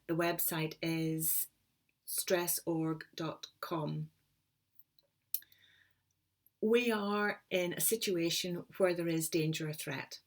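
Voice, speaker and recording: A middle-aged woman, giving a calm, encouraging motivational talk as a coach. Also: lowish voice, takes it slowly. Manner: calm, encouraging, explains step by step.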